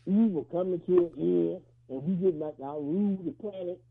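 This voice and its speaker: Caller: high, gravelly man on a tinny phone line, loose and street-casual. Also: moderate pace. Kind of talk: casual call-in talk.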